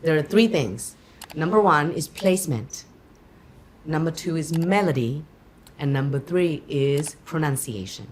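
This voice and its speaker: A Thai-born woman whose first language is Thai, chatting in an interview as a guest, animated and quick to laugh, with plenty of fillers. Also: low-pitched, slight background noise. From Thailand. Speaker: actor and guest. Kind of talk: casual interview chat.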